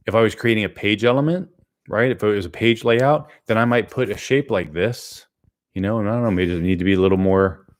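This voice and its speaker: A middle-aged man teaching an art lesson live, thinking aloud as he draws, rambling with many fillers. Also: medium pitch.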